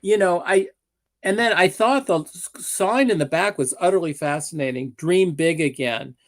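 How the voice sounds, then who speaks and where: A man's voice: high voice, normal speed. A man on a panel, theorizing in a musing, amused way. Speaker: political commentator on a panel. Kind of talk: analytical panel talk.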